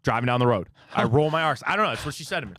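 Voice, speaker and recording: A man's voice: medium pitch, very fast, dry recording, clean studio sound. A middle-aged man from Ohio with a Cleveland accent, hosting a sports talk show in joking, self-deprecating banter. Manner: animated, jokey, self-deprecating. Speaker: sports radio host.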